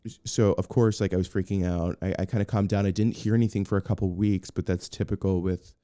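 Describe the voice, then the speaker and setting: A man's voice: low-pitched, fast, no echo, studio quality. A man as a podcast guest, telling a story in casual chat, acting out what people said and restarting his sentences often. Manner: animated, acts out quotes, frequent restarts.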